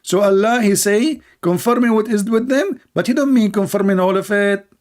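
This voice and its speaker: A man with a high voice speaks at a moderate pace as he hosts a call-in show. He delivers a scornful, sarcastic monologue of mocking commentary, full of broken grammar and rhetorical questions.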